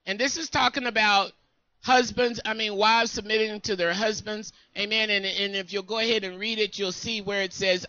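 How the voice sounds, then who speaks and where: A woman co-pastor preaching a sermon in an emphatic call-and-response style, often pausing for her congregation to answer. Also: mid-range voice, steady tone, pushed and bright, no room sound, muffled recording.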